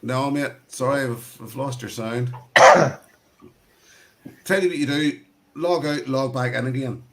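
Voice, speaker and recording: A Northern Irish man hosting a relaxed online whisky session, talking in loose, rambling sentences full of restarts and easy laughter. He speaks at a middle pitch over a video call with faint background hiss. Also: measured pace. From Northern Ireland. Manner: rambling, laughs often, swears casually. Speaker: host of online whisky tasting. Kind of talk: casual video-call chat.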